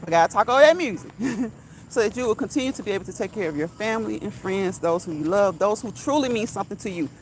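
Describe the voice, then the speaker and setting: Walking outdoors at night, a woman vlogger gives a motivational talk into a phone mic, speaking emphatically and repetitively and chuckling now and then. Her voice is mid-range, and crickets and insects add slight background noise.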